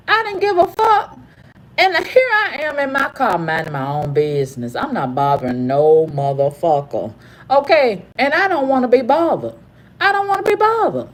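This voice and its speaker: A woman in her fifties telling a story in an angry, profane rant, repeating herself and swinging from low growls to high cries. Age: 50s. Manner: angry, profane, repetitive ranting. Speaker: vlogger. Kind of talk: heated storytime monologue.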